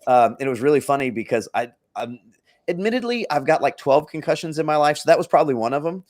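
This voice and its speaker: A man's voice: fairly high pitch, lively intonation, fast talker, darkish tone. A man co-hosting a podcast, telling a long story in a rambling, self-interrupting casual chat. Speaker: podcast co-host.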